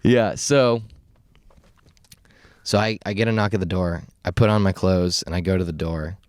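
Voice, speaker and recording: A man's voice: sits low, steady tone, moderate pace, darkish tone, clear, resonant tone, dry recording, clean studio sound. A young man co-hosting a podcast, telling a story casually and animatedly, full of fillers and laughs. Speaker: podcast co-host.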